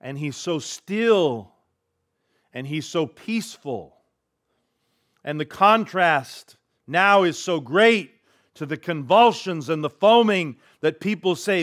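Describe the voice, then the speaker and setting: A man preaching a sermon as pastor, retelling a scripture story vividly, swinging between hushed and emphatic delivery. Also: a little high, animated, takes it slowly.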